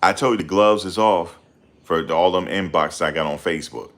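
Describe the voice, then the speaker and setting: A man hosting a casual livestream, reading viewer comments and ranting heatedly with loud outbursts and repeated phrases. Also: deep voice, a little fast. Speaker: livestream host.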